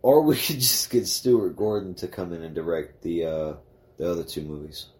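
A man's voice: deep voice, normal speed, darkish tone, echoey room. A man co-hosting a podcast in casual chat, laid-back and swearing freely. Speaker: podcast co-host.

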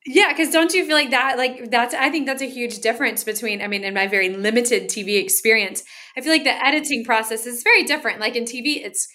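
A woman's voice: on the high side, quick pace, hardly any pauses, bright, forceful tone. A woman co-hosting an interview who asks friendly, rambling questions full of fillers. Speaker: podcast co-host and novelist. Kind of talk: casual conversational interview.

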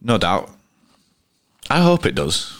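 A man's voice: lowish voice, wildly swooping pitch, takes it slowly, dry recording, studio quality. A man in his thirties, a cricketer guest telling anecdotes in a rambling, casual way full of restarts. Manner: rambling, frequent restarts and fillers. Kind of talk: casual storytelling interview.

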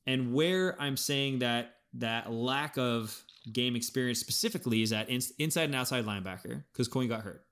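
A man co-hosting a sports podcast, thinking aloud in an animated way with frequent restarts as he breaks down his team's football season. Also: medium pitch, moderate pace, hardly any pauses. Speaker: podcast co-host. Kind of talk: casual sports podcast analysis.

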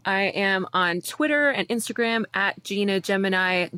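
A woman's voice: medium pitch, animated, normal speed, sharp tone, clear, resonant tone, no echo. A woman co-hosting a casual podcast, giggly and playful. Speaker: podcast co-host.

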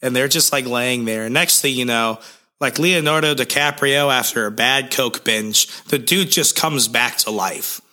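A man's voice: mid-range voice, moderate pace, pushed and bright. A young man co-hosting a podcast, recapping a comic in a rambling, jokey way with lots of fillers. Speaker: podcast co-host.

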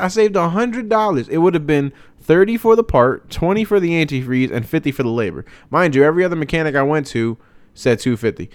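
A man's voice: on the high side, dry recording. A young man telling a long, profane, joking story in a casual chat. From Hispanic family, father speaks Spanish. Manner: animated, profane, jokey storytelling.

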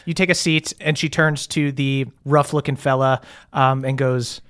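A man's voice: mid-range voice, steady tone, normal speed, a bit bright, smooth. A man narrating a tabletop game as game master, loose and full of fillers.

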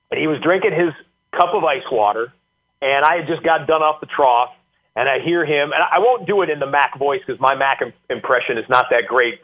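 A man guest telling animated stories with many fillers during an interview. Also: medium pitch. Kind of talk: casual storytelling interview. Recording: tinny phone line.

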